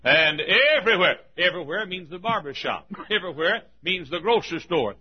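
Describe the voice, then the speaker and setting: An older man from Texas, a pastor, telling folksy sermon anecdotes with frequent chuckles and loud acted-out quotes. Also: high-pitched, expressive, a little fast, muffled recording. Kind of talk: sermon storytelling.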